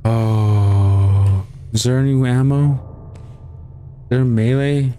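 A man's voice: mid-range voice, level tone, takes it slowly, mellow, slight background noise. A man commentating a horror game as he plays, swearing often and shrieking when he gets startled. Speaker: let's play gamer.

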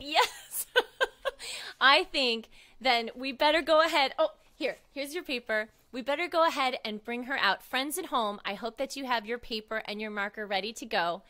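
A woman's voice: on the high side, bright, forceful tone. A woman hosting a live children's music show, cheerful and talking to the kids as friends, her voice slightly froggy.

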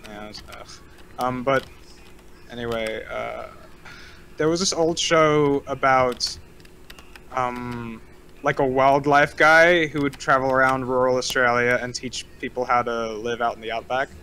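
A young man in a casual group chat, joking and rambling through his stories. His voice has a bright, forward edge, with faint hiss in the background. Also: medium pitch, steady tone, a little slow. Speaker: stream guest.

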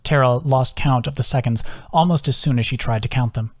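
Man reading an audiobook, measured tone. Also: medium pitch. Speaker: author reading his own audiobook. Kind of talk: audiobook narration.

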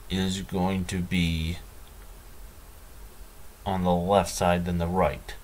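A man's voice: deep voice, a little hiss or hum. A man hosting a let's play, commenting in a dry, sarcastic, self-mocking way. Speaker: gaming channel host.

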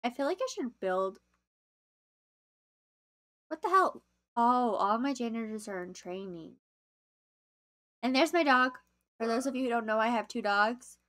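A young woman chatting casually to viewers as she plays a game on a live stream, easily excited. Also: fairly high pitch, unhurried, long pauses.

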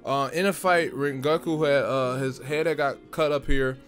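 A young man recapping a film in a casual, excited way, full of slang and stumbling over his words. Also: medium pitch, normal speed, music in the background. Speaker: video creator reviewing a film.

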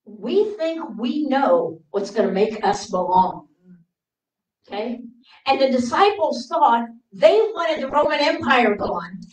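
A woman preacher giving a sermon full of personal stories, acting out her younger self in a raised, pleading voice and dropping to hushed tones for quiet moments. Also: high-pitched, slight background noise. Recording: roomy sound from a distant mic.

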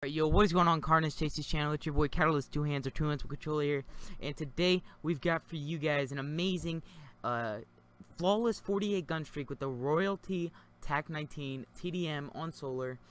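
Young male gaming commentator, slightly high pitch, loose rambling storyteller, swears freely, headset mic. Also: brisk, a bit bright, slight background noise. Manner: loose, rambling, swears casually, many fillers. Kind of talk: casual storytelling commentary over gameplay.

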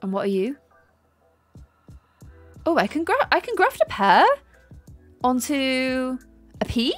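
A woman's voice: high-pitched, big pitch swings, slow, pauses often, faint music behind. A woman live-streaming a game, chatting and gushing thanks to her chat. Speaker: gaming streamer.

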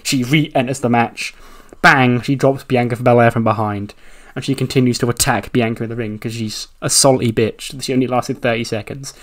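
A man's voice: medium pitch, fairly even intonation, normal speed. A man casually narrating a wrestling simulation playthrough, chatty and loose, laughing and swearing as he goes.

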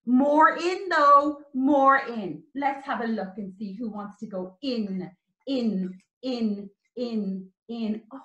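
A woman teaching young children, animated and sing-song, with exclamations and little songs. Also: fairly high pitch, slow, highs cut off. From Ireland. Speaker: early years teacher. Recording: roomy echo.

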